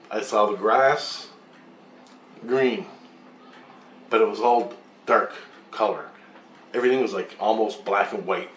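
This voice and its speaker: A man's voice: fairly low pitch, fairly bright tone. A man telling a long, rambling dream story in a casual, profane way, often circling back and repeating himself. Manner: profane, repetitive, re-enacts others' words in raised voices. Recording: roomy echo, distant mic, faint hiss.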